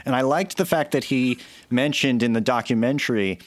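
A man's voice: mid-range voice, normal speed, no echo. A man cohosting a podcast, chatting casually and giving strong opinions with many restarts, into a microphone. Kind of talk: casual chat. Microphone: studio microphone.

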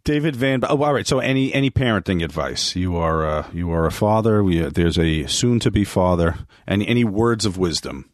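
A man with a fairly low voice running a casual podcast chat, reading questions aloud and spinning wry anecdotes. The sound is dry and close-miked. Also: animated, brisk, few pauses, dry recording. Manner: reads listener questions, jokey anecdotes. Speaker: podcast co-host.

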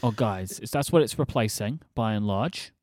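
A man's voice: mid-range voice, brisk, a little mellow, no room sound. A British man hosting a podcast, joking and teasing his co-host in casual chat. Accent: British English. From Britain. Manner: joking, teasing, laughs often.

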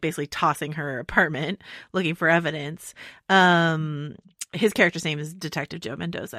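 A woman's voice: fairly low pitch, sharp tone, no echo, clean studio sound. A woman co-hosting a podcast, chatting animatedly about a TV episode and laughing easily. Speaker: podcast co-host. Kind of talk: casual podcast discussion.

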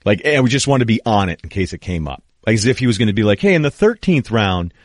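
A man's voice: fairly low pitch, animated, very fast, no room sound, studio quality. A man in his thirties hosting a sports podcast, telling stories in a rambling, casual way full of fillers and restarts. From New England. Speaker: podcast host.

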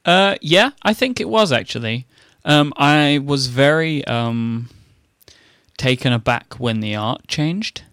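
A British man in casual conversation, talking haltingly with dry understatement. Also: mid-range voice, animated, fairly bright tone, clean tone, no room sound. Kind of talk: casual chat.

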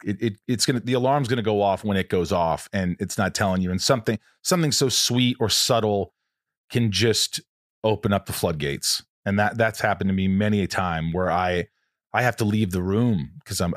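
A man's voice: lowish voice, no room sound, studio quality. A man hosting a podcast interview, talking in a rambling, casual way, often restarting his sentences and swearing now and then. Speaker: podcast host.

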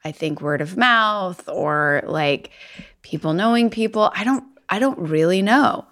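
A woman's voice: fairly low pitch, lively intonation, measured pace, a bit bright. A woman from Kentucky with a light Southern accent, co-hosting a podcast in casual, hesitant chat full of fillers. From Kentucky, USA. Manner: chatty, hesitant, many fillers and restarts. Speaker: podcast co-host, actress.

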